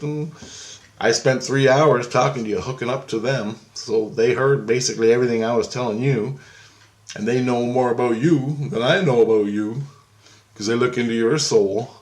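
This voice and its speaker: A man's voice: medium pitch, moderate pace, pauses often, a little mellow. A man telling a rambling, profane anecdote in a casual, repetitive way. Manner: rambling, profane, repeats himself. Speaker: storyteller. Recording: roomy echo.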